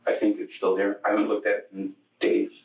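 A man being questioned as a suspect, recounting events in a halting, matter-of-fact way with many restarts. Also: lowish voice, monotone, vocal fry. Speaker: murder suspect under questioning. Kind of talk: interrogation testimony. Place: police interrogation room. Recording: echoey, distant, tinny archive recording.

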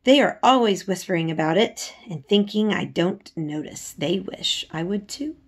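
A woman's voice: fairly low pitch, normal speed, husky. A woman reading aloud, voicing a sickly, spoiled boy who sounds cross and resentful. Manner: cross, complaining.

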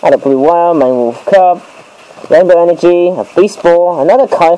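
A man reviewing homemade toy cards at home late at night, rambling with many fillers and sudden excited outbursts. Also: sits high, fairly quick, low-quality recording. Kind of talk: casual toy review vlog.

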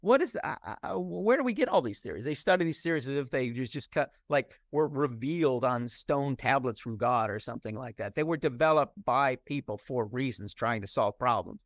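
A man's voice: medium pitch, expressive, fairly quick, hardly any pauses, dry recording, studio quality. A middle-aged man from the United States, a professor answering interview questions in a discursive, candid way and often restarting his sentences.

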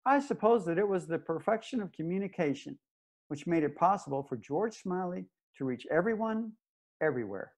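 A man's voice: sits high, a little mellow. An actor playing a stubborn old space ranger who narrates his own story in an audio drama, blunt and plainspoken. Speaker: narrator and lead character.

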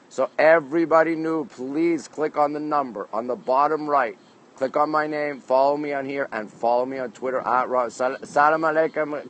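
A chatty man hosting a livestream outdoors on a rooftop at night, speaking into a phone held at arm's length. He greets one viewer after another by the name of their town or country and answers their comments in a friendly, upbeat way. His voice sits at an ordinary middle pitch for a man. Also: poor audio. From Canada. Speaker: livestream host.

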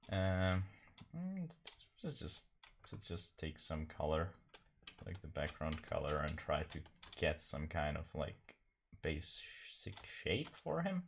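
A man's voice: low-pitched, creaky, slight background noise. A man chatting casually while painting on a live stream, rambling and self-deprecating, laughing often.

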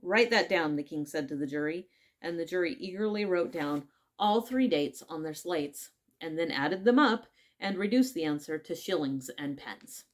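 A woman reading a classic children's story aloud in measured narration. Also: deep voice, expressive. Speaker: audiobook reader.

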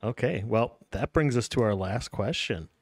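A man's voice: fairly low pitch, expressive, moderate pace, dry recording, studio quality. Man hosting a casual podcast. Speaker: podcast host. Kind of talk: casual interview questions.

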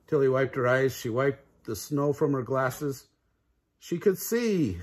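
Grandpa reading a kids book out loud, kinda husky, does little sound effects. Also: male voice, medium pitch, lively intonation, measured pace. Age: older. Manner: warm storytelling with sound effects. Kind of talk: children's storybook read-aloud.

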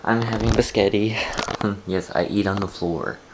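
A man chatting to his camera for a daily vlog, rambling and complaining, with bursts of excitement. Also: lowish voice, moderate pace, very noisy. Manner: rambling, talks to camera, drifts between mumbling and excited outbursts. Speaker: vlogger. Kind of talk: casual vlog chat. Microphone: handheld camera.

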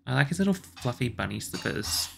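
A low-voiced woman with a gravelly edge gives let's play commentary, talking to herself as she plays. Her pitch swings widely as she bosses her game characters around in exasperation. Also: big pitch swings, brisk, a bit bright, a little hiss or hum. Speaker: gaming channel host.

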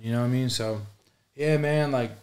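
A man's voice: mid-range voice, fairly even intonation, moderate pace, a little mellow, clear, resonant tone. A man, a guest telling a casual, streetwise story full of profanity. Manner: streetwise, profane, laid-back.

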